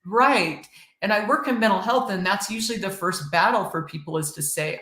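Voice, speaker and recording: A middle-aged woman shares a personal story in an earnest, halting voice. Short laughs break up her sentences. Her pitch sits in the ordinary middle range, and the recording carries a noticeable room echo. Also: a bit bright. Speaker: podcast guest. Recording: roomy echo.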